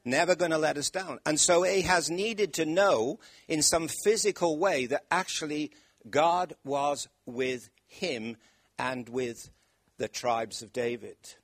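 A man preaching a sermon in church, with loud emphatic stresses and questions put to the congregation. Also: on the high side, slow pace, dry recording.

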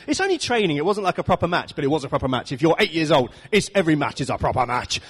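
A man's voice: on the high side, sing-song, brisk, breathy edge. A man preaching an informal sermon, chatty and self-deprecating, often laughing at his own stories. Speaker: pastor. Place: church hall. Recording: echoey church hall.

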